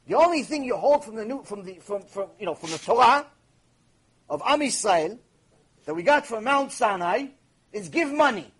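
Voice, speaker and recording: A rabbi delivers a Torah lesson in a fairly high, slightly husky male voice. He tells his story with emphatic energy and keeps posing rhetorical questions to his listeners. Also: moderate pace. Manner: emphatic, animated anecdote telling with rhetorical questions.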